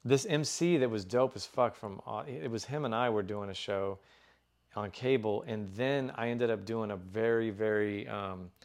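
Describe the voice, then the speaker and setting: A man's voice: lowish voice, normal speed. A man in his forties from Dallas, Texas, telling stories as an interview guest in a loose, profane, casual way. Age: 40s.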